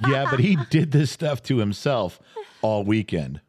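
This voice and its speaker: A middle-aged man hosting a podcast, telling a story in casual chat with animated, exasperated delivery. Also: mid-range voice, a little slow, husky. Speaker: podcast host. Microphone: studio podcast mic.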